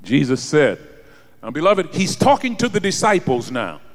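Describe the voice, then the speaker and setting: A male preacher with a high-pitched, animated voice who speaks slowly and deliberately. He swings from hushed lows to shouted climaxes. His words ring out with a long reverb, as if in a large hall. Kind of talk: sermon.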